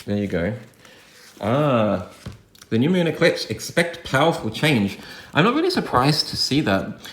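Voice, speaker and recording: A man giving a pick-a-card tarot reading, talking gently and encouragingly, often restarting his phrases. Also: big pitch swings, a little slow, reverberant, a little hiss or hum. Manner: gentle, affirming, drifting in pitch with frequent restarts. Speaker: tarot reader.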